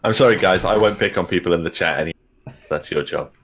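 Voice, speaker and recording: A man's voice: low-pitched, fast talker, fairly bright tone, slight background noise. A man co-hosting a game stream, bantering playfully and mocking himself in casual chat. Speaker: stream co-host.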